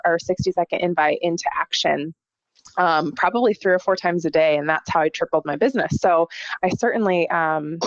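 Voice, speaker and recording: A woman's voice: on the low side, no echo. Chatty, candid woman presenter; dry, muffled call audio. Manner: chatty, candid, lots of "you know what". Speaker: presenter in a team training webinar. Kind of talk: casual training talk.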